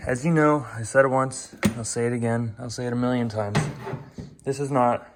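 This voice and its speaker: A young man talks through his car project in a loose, blunt vlog manner. He swears freely and pokes fun at himself. His voice sits at an everyday middle pitch. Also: steady tone, normal speed, background noise. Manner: blunt, swearing, self-deprecating. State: out of breath. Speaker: car vlogger. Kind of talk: casual vlog. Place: home garage.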